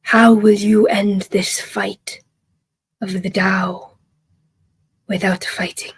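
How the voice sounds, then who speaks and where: A woman voicing a small, solemn old male tribal chief who speaks in slow, hushed pronouncements. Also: mid-range voice, steady tone, slightly rough, full character voice.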